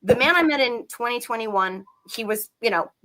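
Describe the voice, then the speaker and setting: A woman's voice: fairly high pitch, animated, moderate pace, a bit bright. A woman giving a heated, profane political rant on a live talk show, talking emphatically. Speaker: political commentator.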